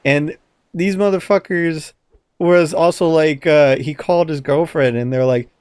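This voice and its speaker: His voice is fairly high-pitched, smooth, and a little slow, recorded dry. He is a podcast co-host chatting casually, telling an animated story laced with swearing and acted-out quotes.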